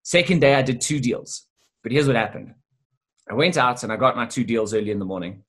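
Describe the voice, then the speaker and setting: Husky man telling a lively story. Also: medium pitch, fairly quick. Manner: lively, animated anecdote-telling with casual swearing. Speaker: guest, sales business owner. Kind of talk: casual storytelling in conversation.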